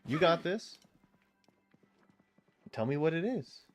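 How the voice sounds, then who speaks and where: A man's voice: a little high, expressive, slow pace, soft background music. A man streaming a game, chatting loosely and swearing often as he banters with his viewers. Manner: loose, profane, bantering with chat. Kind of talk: casual live-stream chat while gaming.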